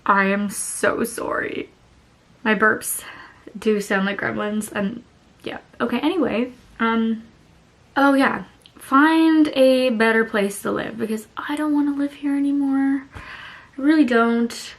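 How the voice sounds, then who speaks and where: A woman's voice: on the high side, takes it slowly. Chatty thirty-year-old woman vlogger. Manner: candid and chatty, swears casually. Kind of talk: casual vlog chat.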